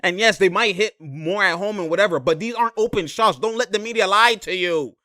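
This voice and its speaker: A young man giving a casual, slangy breakdown of basketball footage. He gets excitable and laughs a lot. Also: high-pitched, a little fast, dry recording, clean studio sound. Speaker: basketball commentator.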